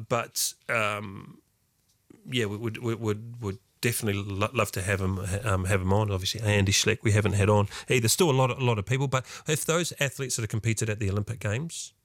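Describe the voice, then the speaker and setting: Halting middle-aged male podcast host. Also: lowish voice, a bit bright, no echo, clean studio sound. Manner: halting, rambling, lots of fillers. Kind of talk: casual chat.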